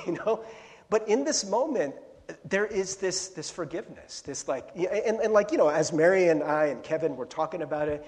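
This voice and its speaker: A middle-aged male pastor preaching a casual, storytelling sermon, chatty and laughing, breaking into bursts of yelling as he retells his own anecdotes. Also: high voice, expressive, normal speed. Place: church sanctuary. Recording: long hall reverb.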